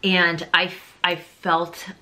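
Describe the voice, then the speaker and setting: A woman's voice: on the low side, level tone, slow, bright, forceful tone. A young woman telling her personal faith testimony in a casual, rambling way, full of fillers and open emotion. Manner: chatty and rambling, heavy on fillers like "like" and "you know"; openly emotional, confessional.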